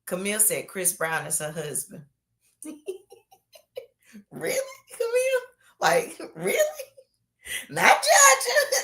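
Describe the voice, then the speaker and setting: Chatty woman pastor, lively livestream host. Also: mid-range voice. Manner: animated, drawn-out emphasis, calls people baby. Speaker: pastor hosting an online Bible study. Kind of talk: casual livestream chat, reading comments.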